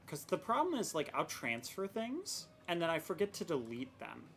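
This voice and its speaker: A woman's voice: sits low, wildly swooping pitch, moderate pace, slight background noise. A young woman streaming a game, chatting casually and rambling with self-mocking exasperation about her technical troubles. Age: young adult. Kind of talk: casual live-stream chat.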